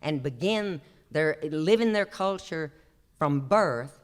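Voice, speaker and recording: Appalachian storyteller in his sixties, slightly high, smooth voice, drawling homespun delivery on stage. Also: lively intonation, slow. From Appalachian North Carolina. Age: 60s. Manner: drawling, homespun, chuckles through his stories. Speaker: traditional singer and storyteller. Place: opera house stage, live show.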